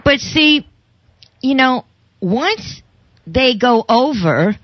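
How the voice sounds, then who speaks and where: A woman's voice: high voice, sing-song, extremely slow, dry recording. Woman radio host, chatty and sympathetic, dry muffled sound. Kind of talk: radio interview.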